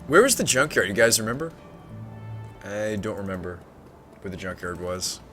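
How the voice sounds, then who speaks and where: A man's voice: lowish voice, animated, normal speed, sharp tone, soft background music. A man streaming a game, chatting casually and thinking aloud as he plays. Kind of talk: casual gameplay chat.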